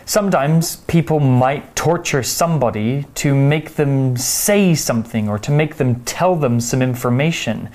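A man teaching English vocabulary, explaining words slowly and carefully with example sentences. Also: mid-range voice, a little mellow. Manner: slow, careful, clear explanations.

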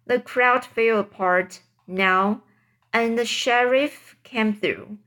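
A woman's voice: on the high side, slow, fairly bright tone. A woman reading a classic novel aloud, stumbling and restarting on hard words. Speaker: reader.

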